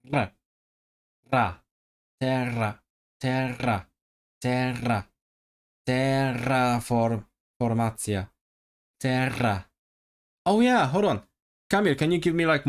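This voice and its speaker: A man streaming live, repeating sounds over and over as he practices rolled Rs and chats with viewers. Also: medium pitch. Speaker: language-learning streamer. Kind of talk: casual livestream practice.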